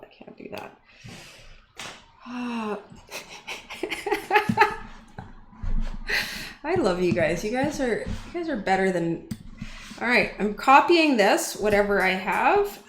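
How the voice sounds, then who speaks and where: A woman's voice: fairly high pitch, expressive, moderate pace. A woman hosting a casual livestream, chatty and easily flustered as she talks to her chat and counts entries aloud. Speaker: livestream host. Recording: echoey room with faint noise.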